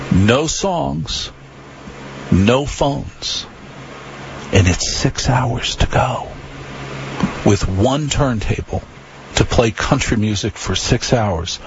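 A man's voice: medium pitch, animated, slow, background noise. Late night radio guy rambling on, wry and chatty, kinda muffled lo-fi sound. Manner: wry, conversational, repeats phone number. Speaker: late-night radio talk show host.

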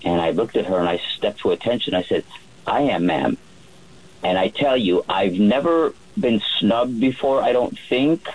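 Casting: husky, low male radio guest, easygoing raconteur full of "um"s. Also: moderate pace, few pauses, poor audio. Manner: relaxed storyteller with many fillers and restarts. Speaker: yacht chef. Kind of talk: storytelling on a radio call-in.

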